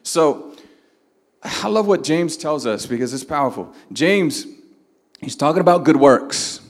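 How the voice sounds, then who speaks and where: A man preaching a sermon, his voice sitting a little high for a man. He stretches stressed words and pushes his lines upward for emphasis. The sound rings with a long reverb from a large hall. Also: animated, a little slow. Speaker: pastor.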